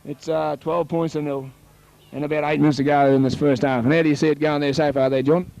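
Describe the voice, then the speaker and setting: A man with an Australian accent calling a local rugby league match play by play, chatting with his co-commentator and rising to excited shouts on tries. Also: a little high, fast, gravelly, no room sound, lo-fi sound.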